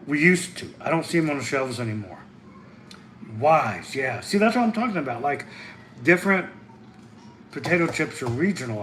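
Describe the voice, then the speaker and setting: A man's voice: medium pitch, fairly bright tone, a little hiss or hum, rough recording. Rambling man livestreaming. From US Midwest. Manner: rambling, chatty, answers chat questions aloud. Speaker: concession stand worker livestreaming. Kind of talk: casual livestream chat. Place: concession stand at a soccer venue.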